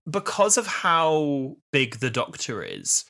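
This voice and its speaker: A man in his twenties co-hosting a podcast in casual chat, enthusiastic and quick to laugh. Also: fairly high pitch, huge pitch swings, gravelly, pushed and bright. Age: 20s. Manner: enthusiastic, laughs often, many "like"s. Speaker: podcast co-host.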